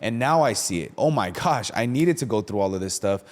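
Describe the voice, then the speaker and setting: A man's voice: fairly low pitch, brisk. A young man hosting a podcast, talking about faith in a casual, slangy way and often checking in with "right?". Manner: slangy, animated storytelling with lots of "right?". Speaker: podcast host.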